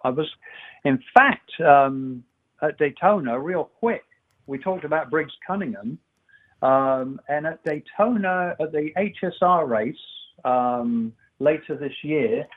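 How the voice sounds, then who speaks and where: Male guest, rambling lively storyteller, tinny phone-line sound. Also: on the high side, takes it slowly. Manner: rambling, animated storyteller doing voices. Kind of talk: casual anecdote telling.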